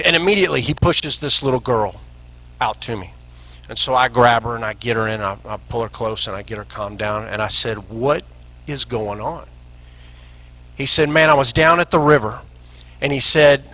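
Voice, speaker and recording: A man's voice: medium pitch, fairly bright tone, poor audio. A middle-aged man, telling a story in an earnest, emphatic way in a speech to a rally crowd. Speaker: rally speaker.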